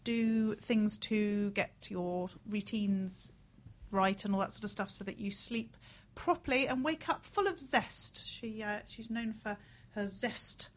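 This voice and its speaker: A woman's voice: medium pitch, measured pace. A woman co-hosting a radio talk show, bubbly and teasing, laughing often. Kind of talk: casual radio chat. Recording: dull lo-fi radio recording.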